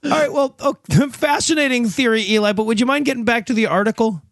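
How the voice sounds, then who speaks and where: Host, man, wry and teasing, high voice, dry mic. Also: fast talker, a bit bright, dry recording. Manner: wry, teasing, steers the talk. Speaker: podcast host. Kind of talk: comedic podcast chat.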